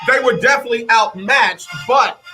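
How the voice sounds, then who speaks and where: A man's voice: very high-pitched, normal speed, pushed and bright, faint music behind. A man hosting a radio show, talking emphatically and dropping into mock quotes of other people. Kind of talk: animated radio talk monologue.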